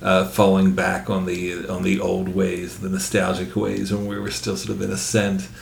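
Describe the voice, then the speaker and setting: A man hosting a casual conversation, speaking in a reflective, halting way and laughing along. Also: sits low, completely flat delivery, gravelly. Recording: echoey room with faint noise.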